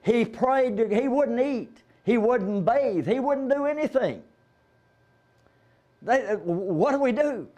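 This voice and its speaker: A man's voice: extremely high pitch, lively intonation, slow pace, a little mellow. A man preaching a conversational sermon in a church, retelling Bible stories and quoting the figures in his own voice.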